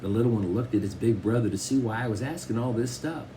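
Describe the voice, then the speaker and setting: A man narrating a children's novel in the first person, in a conversational, expressive way. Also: medium pitch, quick pace, slight background noise, low-quality recording. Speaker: audiobook narrator.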